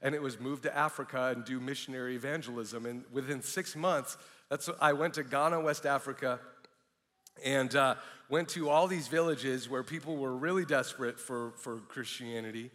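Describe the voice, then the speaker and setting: Bright-voiced pastor in an echoing hall. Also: male voice, medium pitch, normal speed. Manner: candid, animated storytelling with frequent restarts. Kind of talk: sermon with personal testimony. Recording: long reverb of a large hall.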